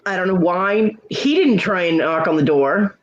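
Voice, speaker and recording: A middle-aged woman hosting a casual livestream chat, telling a story with lots of swearing and jumping into high voices for quotes while greeting viewers. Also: moderate pace. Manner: profane, animated storytelling with leaping voices for quotes. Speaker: livestream host. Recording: muffled lo-fi stream audio.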